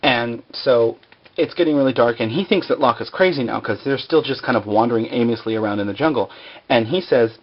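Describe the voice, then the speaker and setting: A man at a mid-range pitch talks through a TV episode. His recap rambles, full of "like" and "um" and joking side remarks. The sound is dull and lo-fi, like a cheap home mic. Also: brisk. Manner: rambling, filler-heavy, joking asides. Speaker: video blogger recapping a TV episode. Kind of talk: casual spoken recap.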